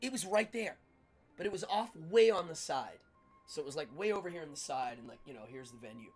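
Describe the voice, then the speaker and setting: A middle-aged man hosting a livestream, telling stories in a casual, animated way with frequent laughter. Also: fairly high pitch, brisk, faint music behind. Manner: animated, laughs often, acts out quotes. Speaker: livestream host. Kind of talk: casual storytelling chat.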